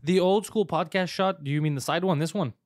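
A man hosting a comedy podcast, telling stories in fast, profane casual chat with lots of fillers. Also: fairly high pitch, dry recording, clean studio sound.

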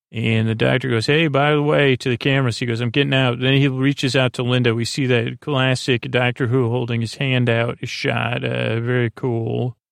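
A man hosting a sleep podcast, retelling a TV episode in a meandering, low-key way. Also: vocal fry, dry recording, clean studio sound. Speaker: podcast host. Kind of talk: relaxed plot recap for a sleep podcast.

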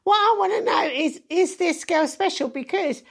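A woman's voice: extremely high pitch, lively intonation, moderate pace, gravelly. A middle-aged woman, a mother questioning her son in a teasing, theatrical way. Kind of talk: casual chat.

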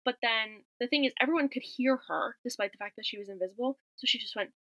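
A woman's voice: fairly high pitch, quick pace, a bit bright, no room sound, lo-fi sound. Wry chatty woman podcast co-host. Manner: chatty, wry, recounting scenes with quoted lines. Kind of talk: casual chat recapping a movie.

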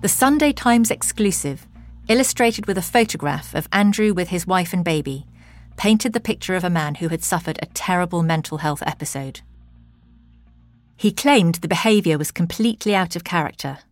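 Low-voiced woman narrating an investigation. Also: animated, faint music behind. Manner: measured, deliberate delivery. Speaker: podcast host and narrator. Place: interview in a hotel room.

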